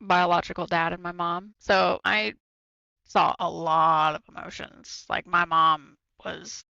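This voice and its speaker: Man, podcast co-host, gravelly, tense bright tone, blunt and profane, dry lo-fi sound. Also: on the high side, no room sound. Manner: blunt, swears freely, repeats himself. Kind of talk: candid casual chat.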